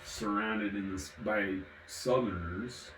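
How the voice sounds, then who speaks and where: A man's voice: on the low side, slow, echoey room, background noise. A man from the American South, vlogging casually while drinking, rambling and giggling from one topic to the next.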